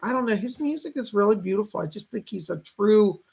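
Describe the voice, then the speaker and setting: A man in his fifties hosting a casual psychic livestream, chatting warmly with viewers and greeting them by name. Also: high-pitched, animated, fairly quick, gravelly, slightly rough. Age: 50s.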